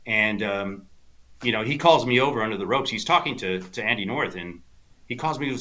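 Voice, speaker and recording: This golf instructor from South Texas has a low-side, sharp-toned voice, expressive and a little fast. As a podcast guest, he tells meandering, filler-laden stories and animatedly quotes others.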